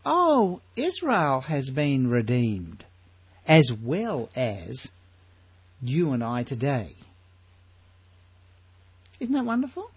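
Older aussie man preaching, lively swooping pitch, husky voice, muffled dry sound. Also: dry recording. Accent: Australian. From Australia. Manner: animated, rhetorical questions, drawn-out emphasis. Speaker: Bible teacher. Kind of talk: sermon.

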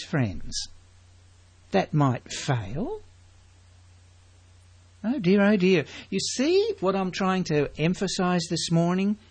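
A man's voice: a little high, a little mellow, slightly rough. A man preaching a sermon, emphatic and full of rhetorical questions to his congregation.

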